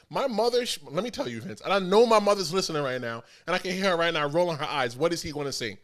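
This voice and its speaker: A man hosting a podcast in casual chat, an animated storyteller who acts out the people he quotes. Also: on the high side, fast, few pauses. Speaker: podcast host.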